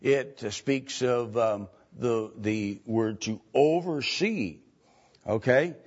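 A man teaching from the Bible in a slow, halting way, with many ums and restarts. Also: mid-range voice, darkish tone, breathy edge. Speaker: preacher. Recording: dull lo-fi recording.

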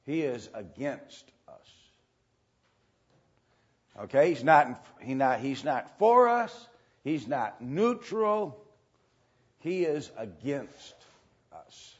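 A man teaching a sermon, speaking with many pauses and filler sounds. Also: mid-range voice, very animated, slightly rough. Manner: slow, halting, many fillers. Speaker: preacher. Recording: dull lo-fi sound.

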